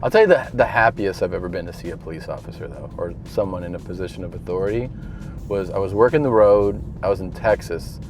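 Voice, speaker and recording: A man's voice: low voice, fast, soft background music. A man, a touring comedian, casually telling profane, rambling stories from inside a car. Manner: laid-back, profane, rambling storyteller. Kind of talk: casual storytelling vlog.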